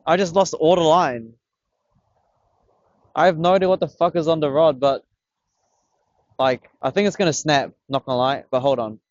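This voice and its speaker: A young man, excitedly filming himself fishing on a beach, swearing and talking in slang. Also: on the high side, normal speed, pauses often, no room sound, muffled recording. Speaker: vlogger. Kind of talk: casual fishing vlog commentary. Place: outdoors on a beach by the water. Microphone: camera on a tripod.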